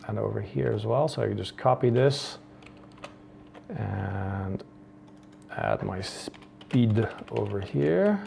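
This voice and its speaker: A man's voice: fairly low pitch, creaky, a little mellow, a little hiss or hum. A man from the Netherlands hosting a coding tutorial, thinking aloud with many ums and restarts. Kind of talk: screen-recorded coding tutorial.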